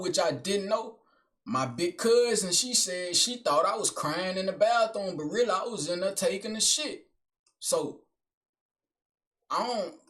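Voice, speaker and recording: A young man with a slightly high voice tells a personal story in a loose, casual way. He talks bluntly, swears freely, and keeps calling the listener bro, gang and son. His delivery is street slang and unscripted. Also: a bit bright. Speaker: vlogger telling a personal story.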